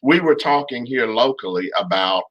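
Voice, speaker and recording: A man's voice: mid-range voice, lively intonation, normal speed, fairly bright tone, muffled recording. A man co-hosting a family talk livestream, speaking emphatically with playful asides. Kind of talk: casual livestream chat.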